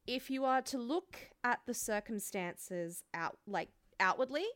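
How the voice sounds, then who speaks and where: A woman's voice: on the high side, expressive, measured pace, a bit bright, no echo, clean studio sound. An Australian woman co-hosting a podcast, speaking frankly and bluntly in casual chat and swearing freely. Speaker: podcast co-host.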